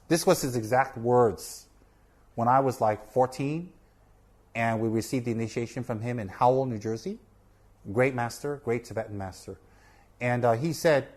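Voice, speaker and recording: Brief male Buddhist teacher, casual earnest teaching talk, medium pitch. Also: darkish tone. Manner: earnest, repeats for emphasis, asks "okay?". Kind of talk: informal teaching talk to camera.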